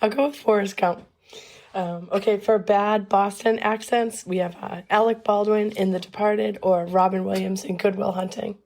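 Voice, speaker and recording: Woman with a cold, mid-pitched, plain and matter-of-fact game host. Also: steady tone, normal speed, a little mellow. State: has a cold. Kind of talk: casual chat.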